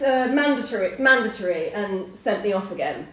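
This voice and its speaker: A middle-aged woman hosting a casual chat, telling a personal story in an animated way and acting out the voices of people in it. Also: a little high, brisk, hardly any pauses. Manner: animated storyteller who acts out quoted voices. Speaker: host. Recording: roomy, distant mic.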